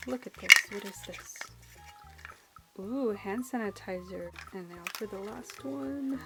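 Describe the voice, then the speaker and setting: A woman narrating a toy unboxing in a chatty, excitable way. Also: mid-range voice, slow, over loud music. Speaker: toy channel host.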